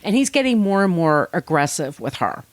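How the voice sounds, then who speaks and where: A woman with a somewhat low voice tells a true-crime story as a podcast host. She keeps it casual and animated, slips into the voices of the people involved, and swears freely. The sound is dry and close, with no room echo. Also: normal speed. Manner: chatty, animated, acts out quotes, swears freely.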